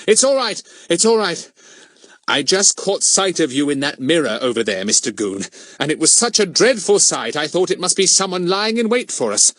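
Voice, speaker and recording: A cheeky young schoolboy sleuth, voiced by a man narrating a storybook, speaks a notch higher and louder than the narration, bright and mock-innocent. The recording is close and dry, with a lively sing-song lilt. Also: moderate pace, no room sound. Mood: teasing. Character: cheeky clever boy detective, playful and innocent.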